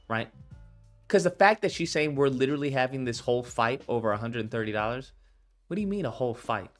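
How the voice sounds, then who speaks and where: A man giving casual, profane commentary on video clips, acting out the people he quotes. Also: mid-range voice. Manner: animated, profane, acts out quoted voices.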